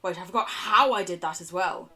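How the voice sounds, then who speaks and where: A woman streaming a video game, chatty and quick, swearing freely and laughing often as she reacts and reads aloud. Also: lowish voice, pushed and bright, soft background music. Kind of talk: live-stream game commentary.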